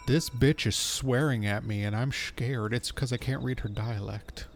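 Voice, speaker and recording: A male streamer chatting loosely as he plays a game. He is playful and quick to mock himself as he reacts to what he reads. His voice sits at a middling pitch. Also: fairly even intonation, faint music behind. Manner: playful, self-mocking, reads aloud and reacts. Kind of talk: casual gaming commentary.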